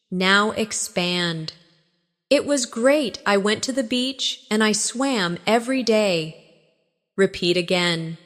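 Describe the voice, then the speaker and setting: A woman teaching an English shadowing lesson, calmly modelling short phrases for listeners to repeat. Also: mid-range voice, slow, in a large hall. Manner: calm, clear modelling of phrases for repetition. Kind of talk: slow shadowing practice lesson.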